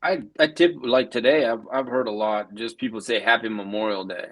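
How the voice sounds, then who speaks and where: American man guesting on a podcast, husky voice, playful and profane. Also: medium pitch, moderate pace. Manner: joking, excitable, swears a lot. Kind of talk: casual podcast chat.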